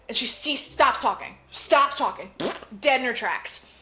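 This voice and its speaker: A woman's voice: sits high, unhurried, bright, forceful tone. A woman co-hosting a movie podcast, casually retelling a film with lots of laughs, swearing and acted-out lines. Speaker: podcast co-host. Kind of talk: casual movie recap chat.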